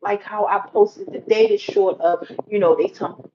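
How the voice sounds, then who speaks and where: A woman's voice: medium pitch, fairly even intonation, normal speed, warm tone. A woman hosting a faith-based livestream, earnestly urging her viewers and repeating herself for emphasis. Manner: earnest, exhorting viewers directly, repetitive. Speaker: livestream host. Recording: muffled livestream audio with background hiss.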